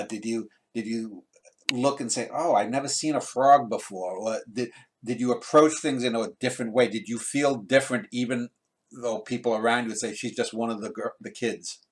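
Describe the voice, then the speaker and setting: A male host asking long, meandering interview questions on a video call, often pausing and restarting. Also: fairly low pitch, fairly even intonation.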